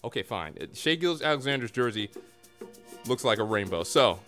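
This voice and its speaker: A man's voice: mid-range voice, big pitch swings, a little fast, sharp tone, faint music behind. A man hosting a casual comedy podcast from a home room, with a playful mock radio-announcer delivery. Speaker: podcast host. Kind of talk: casual comedic chat show. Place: home room near a window.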